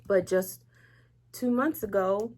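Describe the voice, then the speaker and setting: Taking it slowly in a mid-range, slightly mellow voice, a woman shares her faith testimony conversationally as an interview guest. She's candid and emotional, acting out quoted speech and laughing lightly between serious words.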